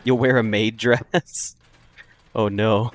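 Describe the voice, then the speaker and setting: A man with a fairly low voice chats casually through a gaming stream. He jokes with his viewers and laughs often, keeping the talk loose and playful. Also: level tone, slow. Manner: joking, chatty, laughs often.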